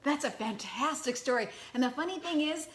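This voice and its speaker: A woman hosting a casual dinner interview, reacting and asking quick questions. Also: sits high, a bit bright. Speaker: host.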